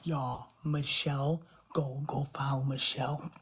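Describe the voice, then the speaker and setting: A woman's voice: deep voice, steady tone, a little slow, a little mellow. A woman livestreaming to her viewers, overwhelmed and gasping out exclamations, often dropping to a whisper. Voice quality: very breathy, husky voice. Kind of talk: live stream chat with viewers.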